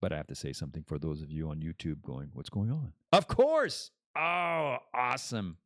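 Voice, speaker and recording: A man's voice: low-pitched, very animated, moderate pace, a bit bright, no room sound, studio quality. A man hosting a podcast as a casual live stream, rambling and joking as he chats. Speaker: podcast host.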